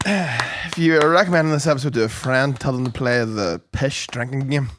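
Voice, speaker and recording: A man's voice: medium pitch, normal speed, fairly bright tone, slight background noise. A man co-hosting a podcast, reacting with amused exclamations. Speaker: podcast co-host. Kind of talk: casual banter.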